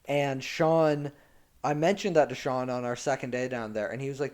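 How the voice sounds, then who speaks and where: Man, film director guest, casual chat, rambling, lots of fillers, average pitch. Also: fairly even intonation, brisk. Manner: rambling, heavy use of 'like'.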